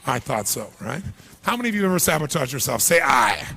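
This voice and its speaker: A man's voice: on the high side, big pitch swings, fast, creaky, a bit bright, slight background noise. A man giving a motivational seminar speech to a large live audience, firing rhetorical questions at them and acting out their inner voices. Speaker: motivational speaker.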